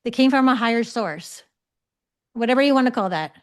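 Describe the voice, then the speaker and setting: A woman's voice: a little high, lively intonation, fairly quick. A woman teaching a live online class over a video call, talking conversationally and checking in often with her listeners. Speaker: psychic development teacher.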